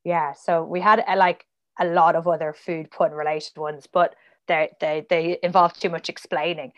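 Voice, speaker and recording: A woman talking as a podcast guest in relaxed conversation, her voice sitting a little low. She rambles happily, drifts into tangents and fills her sentences with "like" and "um". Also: normal speed, highs cut off. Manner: chatty, rambling, many fillers and tangents. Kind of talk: casual podcast chat.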